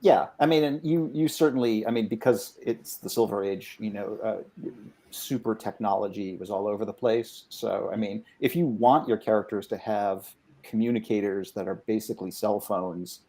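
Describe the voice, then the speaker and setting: A man with a fairly low voice talks through his points at a loose, thinking-aloud rhythm. He fills gaps with fillers and restarts, then chimes in with brief agreements. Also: normal speed, mellow. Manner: thoughtful, with frequent fillers and affirming backchannels. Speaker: guest game designer. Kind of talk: casual chat.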